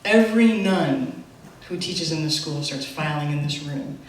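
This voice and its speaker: A middle-aged woman telling a live personal story on stage, animated and self-mocking, with quick asides. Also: deep voice, slight background noise. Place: theater stage. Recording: echoey theater from far off.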